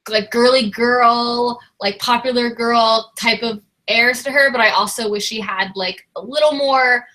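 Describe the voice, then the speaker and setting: A young woman with a bright, sharp voice, co-hosting a casual live book discussion. Her delivery is lively and chatty, pitched a little high, and she slips into acting out the characters' lines. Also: a little slow. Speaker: co-host.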